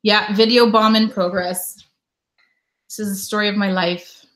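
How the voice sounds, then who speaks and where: A woman's voice: mid-range voice, steady tone, normal speed, a bit bright. Canadian lady live streaming from home, chatty, reads out comments and says hi to everyone. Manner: chatty, reads viewer comments aloud and greets them. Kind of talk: casual live-stream chat. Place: home in winter.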